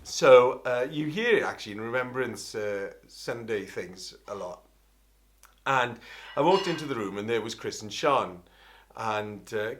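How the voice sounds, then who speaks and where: A middle-aged Welsh man, an opera singer, telling an animated, rambling story and often interrupting himself. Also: mid-range voice, unhurried. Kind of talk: anecdotal storytelling.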